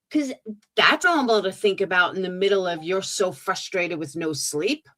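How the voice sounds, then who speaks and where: A woman's voice: lowish voice, normal speed, fairly bright tone. A woman streamer giving sarcastic, mocking commentary on clips.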